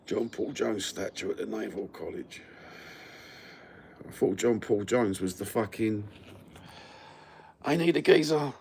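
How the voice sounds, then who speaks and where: A man's voice: on the low side, fairly even intonation, a little slow, creaky, long pauses, mellow, husky. A man with a London accent chatting casually with live viewers on his phone, blunt and sweary, full of banter. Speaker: livestream host.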